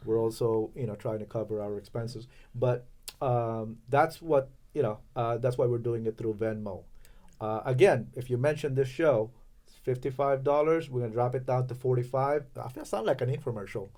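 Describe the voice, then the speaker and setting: A man from Los Angeles speaking as a podcast guest in casual, halting talk with many fillers and restarts. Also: medium pitch, warm tone. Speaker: podcast guest, chamber of commerce president. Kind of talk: casual interview chat.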